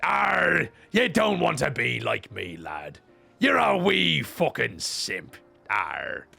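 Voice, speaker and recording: A man's voice: mid-range voice, wildly swooping pitch, slow pace, vocal fry, sharp tone, faint music behind, pitched below the performer's own voice, exaggerated voice. A man voicing a foul-mouthed, brash male pirate rogue in a game dub, snarling his lines. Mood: scornful. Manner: growling pirate snarls and swearing.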